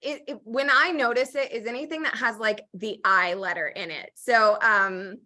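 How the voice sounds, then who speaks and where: A woman's voice: fairly high pitch, normal speed, pushed and bright. A young woman from Oregon hosting a podcast, chatting casually and joking about herself, with lots of "like" and "um". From Oregon, US Pacific Northwest. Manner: chatty, self-deprecating, lots of "like" and "um". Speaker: podcast host. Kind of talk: casual chat.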